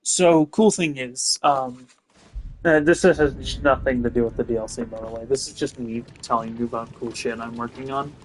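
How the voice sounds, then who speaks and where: A man's voice: mid-range voice, steady tone, normal speed, a little hiss or hum, rough recording. A young man giving casual gameplay commentary, rambling with lots of fillers and self-corrections. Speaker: gaming video host.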